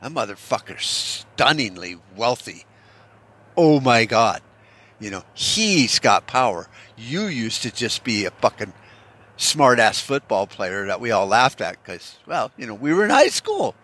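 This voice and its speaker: A man's voice: mid-range voice, sing-song, measured pace, a bit bright. A man voicing a scornful teenage cheerleader girl in a crude, mocking way, in his own everyday voice.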